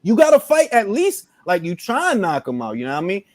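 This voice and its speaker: A man's voice: high-pitched, wildly swooping pitch, fast talker, dry recording. A man hosting a casual boxing panel chat, talking in an emphatic, slangy way. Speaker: podcast host.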